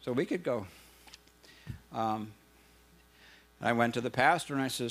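A man's voice: mid-range voice, lively intonation, moderate pace, gravelly, pauses often, a bit bright. A man preaching a sermon, telling stories in an earnest way and building to fervent emphasis. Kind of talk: sermon with storytelling.

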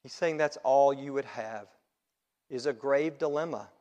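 A man preaching a sermon to his congregation, building to loud emphatic peaks and then dropping low. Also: measured pace, highs cut off. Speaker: pastor.

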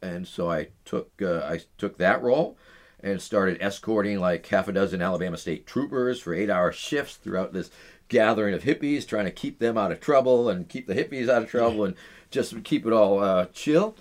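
A man's voice: fairly low pitch, normal speed. A middle-aged man, an interview guest, telling stories in a rambling way full of uh and um fillers. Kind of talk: casual storytelling in an interview.

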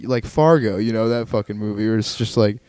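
A man co-hosting a chat in casual, crude banter, animated and laughing often. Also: on the low side, fairly quick, clear, resonant tone, dry recording.

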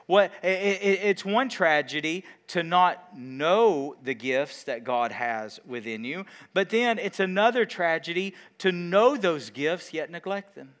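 A man preaching a sermon, asking the congregation questions and swinging between loud emphasis and quiet, drawn-out words. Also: on the high side, animated. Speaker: pastor.

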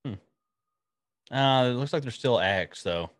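A man's voice: mid-range voice, lively intonation, unhurried, no room sound, clean studio sound. A man co-hosting a casual podcast chat, nitpicking small details of the show he is discussing. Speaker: podcast co-host.

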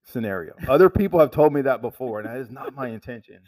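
A man telling a story about work in casual conversation, halting and restarting, with lots of "like" fillers. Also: medium pitch, lively intonation, darkish tone, dry recording, distant mic.

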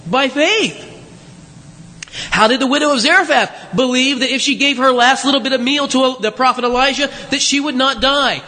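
High, bright-voiced preacher in a reverberant church. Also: male voice, normal speed. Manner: conversational, frequent rhetorical questions and asides. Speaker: pastor. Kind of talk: sermon. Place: church sanctuary. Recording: long reverb of a large hall.

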